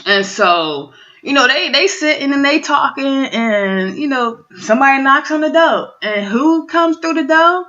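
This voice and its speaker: Recapping a reality show casually and with plenty of profanity, a woman bluntly performs the cast members' lines with drama. Her high, expressive voice is sharp and a little slow, and the sound is lo-fi.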